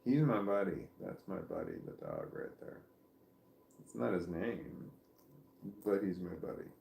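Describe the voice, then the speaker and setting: Gravelly low-voiced man rambling on a livestream. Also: wildly swooping pitch, measured pace, warm tone, roomy sound, slight background noise. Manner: meandering, self-interrupting, talking to viewers about his dog. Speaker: vlogger. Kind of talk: rambling casual livestream chat. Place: at home, seated with dog on his legs. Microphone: phone or camera on a stand.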